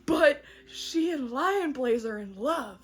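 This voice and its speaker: A young woman hosting a casual podcast, recapping a story in a giggly, animated way with lots of fillers. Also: high-pitched, takes it slowly, soft background music. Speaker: podcast host.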